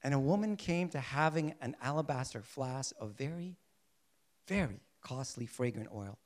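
A man preaching a sermon who keeps asking his listeners questions and answering them, drawing out his key points slowly and softly. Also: medium pitch, lively intonation. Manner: asks the congregation rhetorical questions and answers them; shifts between soft, slow emphasis and louder bursts.

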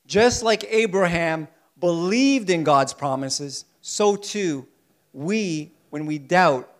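High-voiced male preacher, animated, plays out the story's lines. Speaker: pastor. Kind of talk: sermon.

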